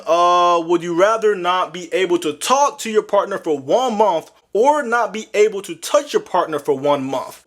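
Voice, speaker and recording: A young man with a fairly high voice hosts a casual video game. His pitch swings widely as he talks. He is animated and slangy, and breaks into loud exclamations often. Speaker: gaming video host. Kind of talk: casual commentary to camera.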